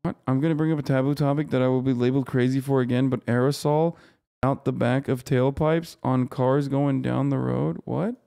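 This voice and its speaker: A man streaming live, reading news aloud and commenting on it with quick, profane, exasperated remarks. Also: mid-range voice, steady tone, gravelly, warm tone, clear, resonant tone. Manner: rapid, profane, exasperated ranting.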